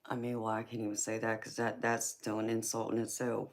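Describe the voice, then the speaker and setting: Deep-voiced Southern woman chatting live. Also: monotone, fairly quick. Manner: laid-back, giggly, calls viewers baby and honey. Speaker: tarot reader and livestream host. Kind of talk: casual live-stream chat reading viewer comments.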